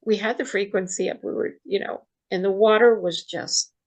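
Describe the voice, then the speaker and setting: A woman telling a personal story in a casual interview, soft-spoken and halting, often restarting her sentences. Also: mid-range voice, steady tone, rough recording. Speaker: guest storyteller.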